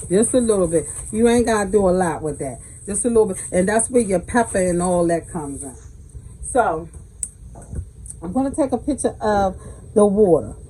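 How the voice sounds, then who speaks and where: Speaking with a Southern American accent, this cooking channel host from the Southern United States has a medium-pitched, mellow voice, captured in poor audio with a little hiss or hum. She leads a home cooking tutorial from her kitchen, chatting in a folksy way and calling viewers baby.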